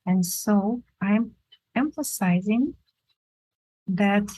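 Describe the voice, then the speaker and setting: Female art instructor, mid-pitched, unhurried, halting delivery during a drawing demo. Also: warm tone, low-quality recording. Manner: halting, searching for words; unhurried, thinking aloud while drawing. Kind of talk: drawing demonstration lesson.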